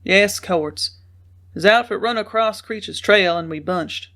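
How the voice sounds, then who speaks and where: Woman playing a tight-lipped young cowboy, weary and stern, slow delivery. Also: medium pitch, a bit bright.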